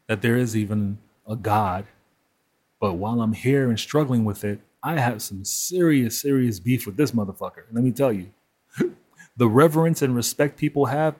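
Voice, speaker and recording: A man's voice: mid-range voice, a little mellow, slightly rough. A man hosting a solo monologue, speaking candidly and profanely and laughing between his points. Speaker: podcast host.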